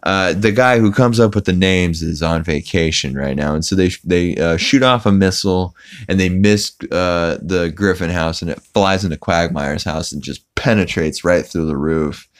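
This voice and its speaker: Deep, smooth-voiced man recapping casually. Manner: rambling, many ums and restarts, quick to quote scenes. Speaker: podcast host.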